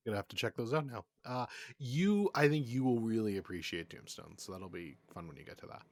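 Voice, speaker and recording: A man co-hosts a relaxed podcast and hands out ratings in an easygoing way. His voice is low but bounces lively up and down. The recording is dry and close. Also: brisk, no echo. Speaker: podcast co-host. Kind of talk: casual chat.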